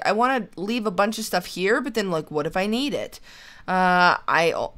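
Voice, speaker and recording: A chatty young woman narrating her own survival game as she plays. She thinks out loud in an easy, conversational way and now and then talks to her character. Her voice sits at an ordinary middle pitch. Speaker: gaming channel host. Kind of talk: casual let's-play commentary.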